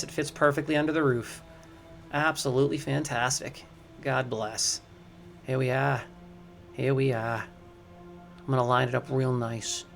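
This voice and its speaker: A young man chatting excitedly to his viewers while building in a game, slangy and easily distracted. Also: medium pitch, creaky. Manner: chatty, hyped, slangy, talks to chat as crew. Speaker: game streamer. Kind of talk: casual livestream commentary.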